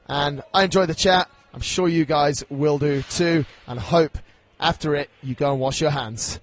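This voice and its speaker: A man's voice: a little high, no room sound. Upbeat male podcast host. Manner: upbeat, chatty, reads sponsor plug. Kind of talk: podcast intro and interview.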